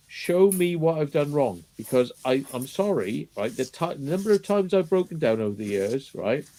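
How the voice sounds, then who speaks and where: A man's voice: medium pitch, a little mellow. A man in casual chat, ranting emphatically and swearing a lot.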